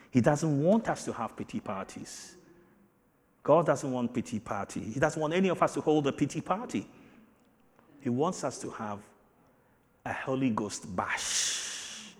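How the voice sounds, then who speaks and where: Emphatic preacher man in a reverberant hall. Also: medium pitch. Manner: emphatic, swings between loud declarations and quiet asides. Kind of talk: sermon.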